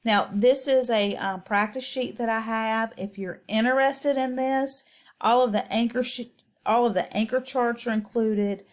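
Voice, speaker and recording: A woman's voice: a little high, darkish tone. A woman teacher giving a patient, step-by-step instructional voice-over on reading skills, with occasional ums.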